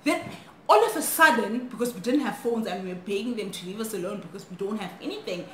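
Animated woman storyteller. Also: mid-range voice, fast talker. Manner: animated, switching languages mid-sentence. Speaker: vlogger. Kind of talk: storytime vlog. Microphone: phone camera. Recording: echoey room, faint noise.

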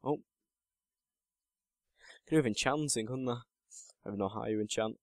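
Chatty teen gamer, dry sound. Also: male voice, mid-range voice, moderate pace, vocal fry, darkish tone, no echo. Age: late teens. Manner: chatty and self-mocking, muttering to himself while playing. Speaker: gaming channel host. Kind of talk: casual gameplay commentary.

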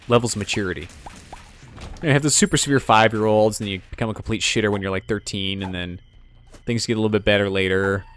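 A man giving casual, rambling gameplay commentary, joking at his own expense and making sound effects. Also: fairly low pitch. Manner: rambling, self-mocking, sound effects and joke impressions. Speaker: let's play commentator.

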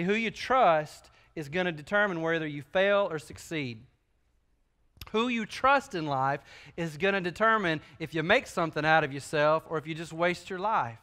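A man's voice: sits high, bright, forceful tone, clear, resonant tone. A male pastor, preaching a sermon in a folksy, joking, conversational way. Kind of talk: sermon with personal stories.

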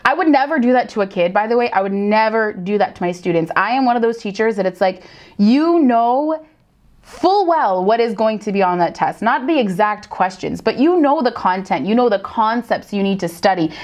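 A woman teacher reacts to clips in easy, casual commentary. She is animated and theatrical, throwing in quick asides. Her voice sits a little high.

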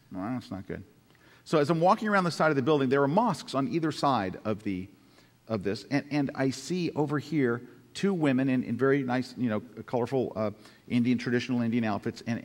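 A man's voice: medium pitch, big-room sound. A man teaching photography by telling a story, acting out his own thoughts with self-mocking humor. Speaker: photography instructor. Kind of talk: storytelling lesson over photo slides.

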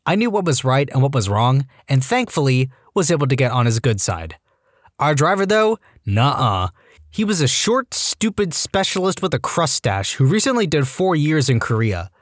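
A man narrating online stories for a podcast in a lively, expressive storytelling delivery, close on a studio mic. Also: medium pitch, no echo.

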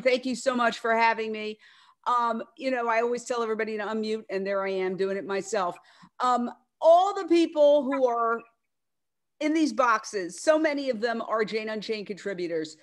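A middle-aged woman speaking on a video call, loud, animated and emphatic, with a rousing tone. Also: on the high side, normal speed. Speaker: media network founder speaking at an online event. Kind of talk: casual speech on a video call.

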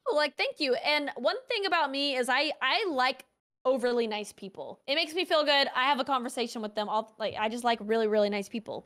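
Young woman telling a story animatedly. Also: high voice. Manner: animated, heavy use of "like". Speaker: interview guest, streamer. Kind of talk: casual storytelling.

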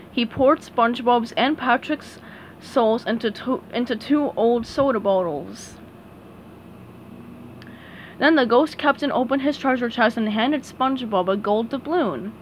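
A woman reading a children's storybook aloud with animated, expressive narration. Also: on the high side, a little slow, slight background noise. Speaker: storybook reader.

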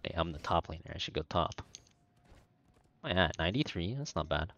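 A man's voice: deep voice, animated, a little fast, a bit bright, muffled recording. A man streaming a video game, commenting casually and muttering jokes to himself.

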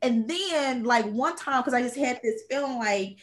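A woman hosting a podcast, telling a personal story in a chatty, animated way. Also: a little high, moderate pace, hardly any pauses. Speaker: podcast host. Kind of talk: casual conversation.

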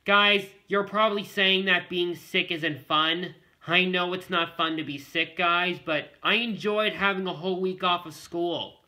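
High, very bright male vlogger. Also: steady tone, unhurried, few pauses. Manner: rambling and repetitive, often addressing the viewers. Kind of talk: casual talk to camera.

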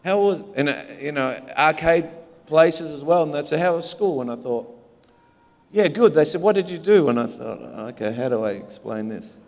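A man's voice: a little high, normal speed, darkish tone. A man with an Australian accent, a pastor preaching a humorous, story-filled sermon in a large church. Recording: long hall reverb.

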